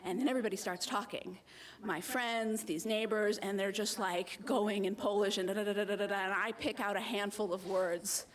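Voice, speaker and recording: An American woman in early adulthood telling a personal story at a live slam, animated and self-mocking, acting out the voices of the people she met. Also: medium pitch, moderate pace, hardly any pauses. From United States.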